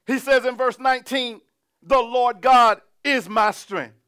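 A man preaching a sermon, reading scripture and building to shouted, humming, laughing exclamations. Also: extremely high pitch, unhurried, smooth.

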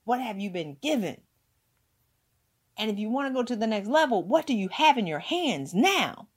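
A woman's voice: on the high side, sing-song, normal speed, breathy edge. A woman giving an emphatic motivational talk, hammering points home with repeated words. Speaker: motivational speaker.

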